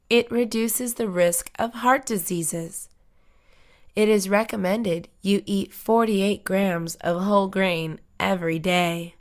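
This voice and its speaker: Woman reading simple stories slowly. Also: medium pitch. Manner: slow, even, carefully spaced sentences. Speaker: English lesson reader.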